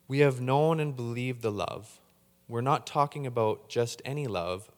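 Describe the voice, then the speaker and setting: A man's voice: medium pitch, a little slow, long reverb tail. A man preaching a sermon, getting fired up and tripping over repeated words as he talks. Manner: excitable, gets hyped up when preaching. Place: church hall.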